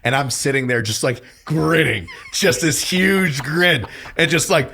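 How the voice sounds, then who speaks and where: A man tells stories as a podcast guest, his voice swinging widely in pitch. He swears freely and gets loud when he quotes other people. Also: unhurried, gravelly, hardly any pauses, slight background noise. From New York. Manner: animated, profane, shouts when quoting others. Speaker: podcast guest, police detective and drill sergeant. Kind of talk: casual storytelling.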